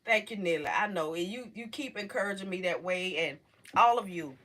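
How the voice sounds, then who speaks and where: A middle-aged woman hosting a casual livestream, talking emotionally and haltingly to her viewers, close to tears. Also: fairly low pitch, fairly bright tone. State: on the verge of tears. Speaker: livestream host.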